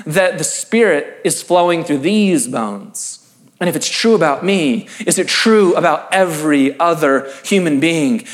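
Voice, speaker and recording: With a high-pitched male voice, a pastor gives an earnest, emphatic talk in sermon style. He reads scripture and builds intensity through repeated phrases.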